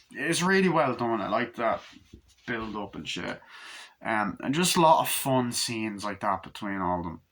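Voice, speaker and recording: Casual male film reviewer, bright and punchy tone, animated, foul-mouthed, acts out scenes. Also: on the low side. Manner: animated, acts out scenes in put-on voices, swears often.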